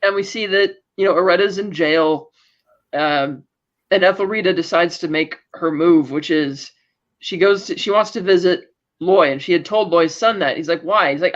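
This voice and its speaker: A man's voice: fairly high pitch, normal speed, a bit bright, dull audio. A man co-hosting a podcast, casually recapping a TV episode and loosely paraphrasing what the characters say. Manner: loose retelling, paraphrasing characters' lines with "blah, blah, blah". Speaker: podcast co-host.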